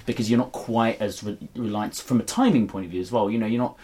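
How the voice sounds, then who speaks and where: Very low husky-voiced man. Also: mellow. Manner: halting, many restarts and repeated words. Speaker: musical comedian guest. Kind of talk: casual podcast chat.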